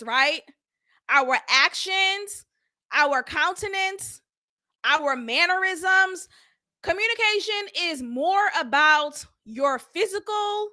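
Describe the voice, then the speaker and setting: A young adult woman with a very high-pitched voice hosts a casual, animated recap of a reality show. She acts out quotes and laughs often.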